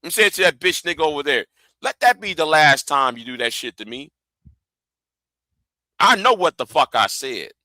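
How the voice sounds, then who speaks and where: A man's voice: a little high, animated, normal speed, pauses often, sharp tone, no room sound. A man hosting a livestream, ranting angrily and profanely, often repeating himself and stumbling over words. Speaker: livestream host. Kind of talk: heated livestream rant.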